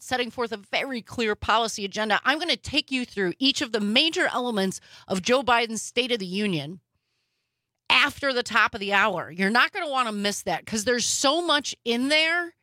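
A woman's voice: fairly high pitch, bright, forceful tone, dry recording. A woman hosting a political talk radio show, speaking in an emphatic, opinionated way.

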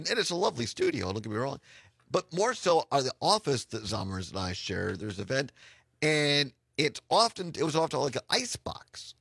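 A man hosting a talk radio show from a studio, chatting and laughing easily with a hoarse voice. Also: mid-range voice, no room sound. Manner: laughs often, warm easygoing rambling. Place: radio studio in an office building.

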